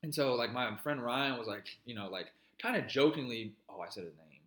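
A man's voice: mid-range voice, expressive, brisk, a bit bright, echoey room. A man co-hosting a podcast, telling a long story in casual chat, cursing and rambling. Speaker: podcast co-host.

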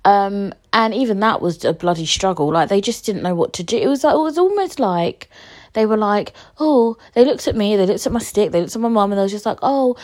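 A woman's voice: mid-range voice, fairly quick. A woman, a podcast host telling a story in casual, slangy talk and acting out what people said. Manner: animated, slangy, acts out conversations.

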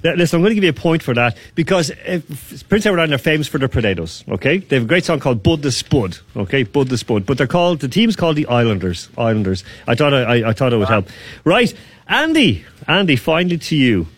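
A man's voice: mid-range voice, very animated, fast, dry recording, soft background music. A man hosting a casual radio quiz, teasing his guests and laughing often. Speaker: quiz host.

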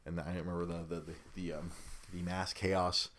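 A man's voice: low voice, flat delivery, brisk, fairly bright tone, slight background noise. A man, a young new father, chatting casually to his viewers in a rambling way, with many restarts and frequent laughter.

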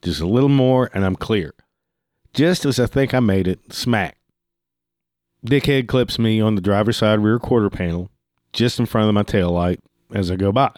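A man's voice: fairly low pitch, normal speed, darkish tone, no room sound, clean studio sound. A man telling a heated, profane story in a casual storytelling style, swearing freely.

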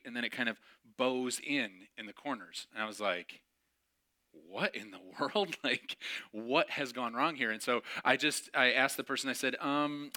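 A middle-aged man tells a long story from the pulpit in a loose, joking way, acting out both sides of a quarrel. His voice is very bright and forward, and his pitch sits in the ordinary middle for a man. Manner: chatty, self-mocking, acts out dialogue with laughs. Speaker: pastor. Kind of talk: sermon storytelling.

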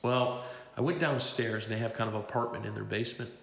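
A man preaching in a storytelling way, with a gravelly, creaky voice. He acts out what others said to him. His voice rings through a large hall with a long reverb. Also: fairly low pitch, fairly even intonation, quick pace, fairly bright tone. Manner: storytelling, acting out the voices he quotes. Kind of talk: testimony sermon. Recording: echoey hall.

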